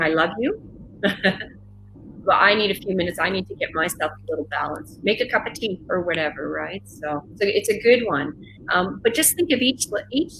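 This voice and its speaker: A middle-aged woman from Canada giving parenting advice as an interview guest, speaking in a warm, reassuring way over a video call. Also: medium pitch, a little hiss or hum, poor audio. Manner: warm, reassuring, repeats "right?". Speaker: interview guest, self-regulation expert. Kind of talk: conversational advice.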